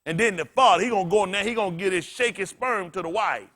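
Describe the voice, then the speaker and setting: A male pastor preaching with a high, piercing tone, bright and cutting at the edges. His delivery is impassioned and plain-spoken, with emphatic bursts carrying his points to the congregation. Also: quick pace. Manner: impassioned, colloquial preaching with rising outbursts. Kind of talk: sermon. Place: congregation gathering.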